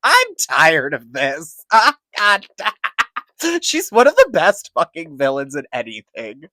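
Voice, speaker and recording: Animated young woman recapping a movie. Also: low-pitched, slow pace, no room sound. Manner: animated, laughing, profane. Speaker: movie reviewer.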